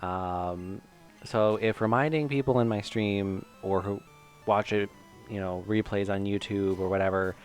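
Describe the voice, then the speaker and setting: Soft music plays behind a Michigan man with a fairly low, steady voice as he streams a video game. His let's-play commentary is casual and a little slow, rambling and self-mocking with plenty of fillers.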